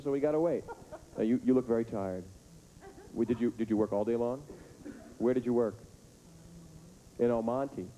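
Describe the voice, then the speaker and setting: A male stand-up comedian teasing audience members with rapid, absurd riffs on a theater stage. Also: mid-range voice. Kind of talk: stand-up comedy with crowd work. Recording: noisy live stage recording.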